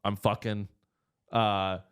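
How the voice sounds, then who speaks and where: A man hosting a studio podcast, telling provocative jokes in a deadpan, casual way. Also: on the low side, slow pace, clear, resonant tone. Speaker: comedian podcast host. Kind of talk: casual comedic chat.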